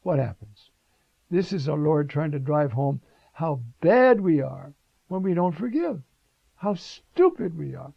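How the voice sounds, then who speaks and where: A man preaching a sermon with emphatic, animated delivery, rhetorical questions and frequent fillers. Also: a little high, measured pace, creaky, no room sound. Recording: dull lo-fi recording.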